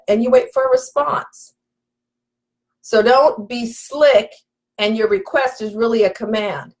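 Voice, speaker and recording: A woman's voice: a little high, slow. A woman relationship coach giving an emphatic live session, talking straight to her audience. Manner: emphatic, preacherly, addresses audience directly.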